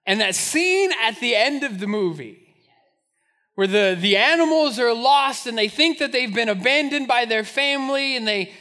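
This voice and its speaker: High, bright-voiced pastor telling stories. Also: male voice. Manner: storytelling, animated, laughing at himself. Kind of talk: sermon. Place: church sanctuary.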